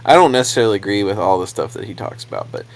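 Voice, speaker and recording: A man's voice: lowish voice, expressive, racing, slight background noise. A young adult man, a preacher co-hosting a podcast, chatting casually in a rambling way, repeating words and laughing often.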